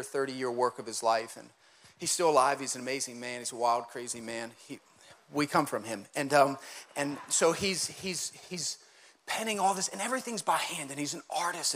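A male pastor giving a conversational, animated sermon in a church, with quick asides and laughter. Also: a little high.

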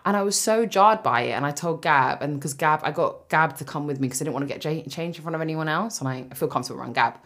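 A young woman co-hosting a podcast, telling an animated story in casual chat and swearing freely. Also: sits low, fast, hardly any pauses. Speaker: podcast co-host.

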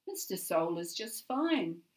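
A composed, affectionate mother with a low, even voice and a faintly teasing calm, read by a woman. The storybook line sounds slightly off the mic. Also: slow, distant mic. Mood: warm. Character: warm, composed academic mother.

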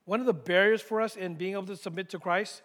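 Man, pastor, sermon, high voice, deliberate emphatic delivery, long hall reverb. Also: fairly even intonation, fairly bright tone. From United States. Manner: deliberate, repeats key points with emphatic pauses.

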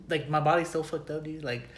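A man's voice: on the high side, fairly even intonation, a little slow, very noisy. A man in his late twenties co-hosting a podcast, drunk and swearing freely through loose banter. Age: late 20s. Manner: loose, profane, laughing banter. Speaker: podcast co-host. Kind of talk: casual chat. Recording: roomy echo.

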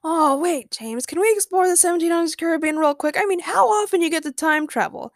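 A woman's voice: very high-pitched, brisk, no echo, studio quality, pitched above the performer's own voice. A woman voicing an eager, teasing young man on a time-travel adventure in a read-aloud fan story. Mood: excited.

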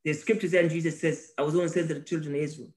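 Animated preachy man on a podcast. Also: a little high, rapid-fire. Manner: animated, repeats phrases, laughs often, preachy emphasis. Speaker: podcast co-host. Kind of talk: casual religious podcast talk.

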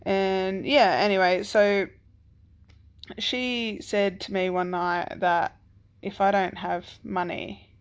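A woman's voice: mid-range voice, fairly even intonation, takes it slowly, smooth. A woman in her thirties or forties, a single parent, telling a personal story in a casual, rambling way, with lots of "like" and "um" and some swearing. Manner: rambling, full of "like" and "um", swears freely.

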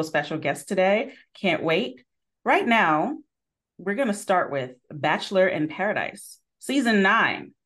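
A woman hosting a podcast in casual chat, telling stories with lively acted-out quotes. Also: fairly low pitch. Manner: lively storytelling, acts out quotes. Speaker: podcast host.

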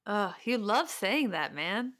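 A woman's voice: mid-range voice, sing-song, slow pace, fairly bright tone, dry recording, clean studio sound. A young woman co-hosting a podcast, teasing her co-host in casual chat and laughing often.

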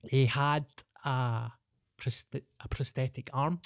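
Man, glaswegian accent, comedian, casual podcast story, slangy and sweary, mid-pitched, dry close sound. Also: steady tone, takes it slowly, gravelly, clean tone, no room sound. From Glasgow, Scotland. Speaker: stand-up comedian.

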